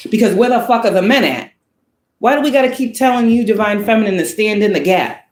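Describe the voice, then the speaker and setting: A woman's voice: mid-range voice, a little fast, a little mellow. A woman delivers a tarot reading monologue in a blunt, profane, preaching manner. She keeps throwing rhetorical questions at the listener. Her voice sits in a middle range and rings with the echo of a bare room. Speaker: spiritual reader.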